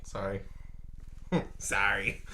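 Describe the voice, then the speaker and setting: A man's voice: lowish voice, fairly even intonation, extremely slow, bright, forceful tone, a little hiss or hum. A young man co-hosting a podcast, joking and swearing in casual banter. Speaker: podcast co-host. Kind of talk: casual chat.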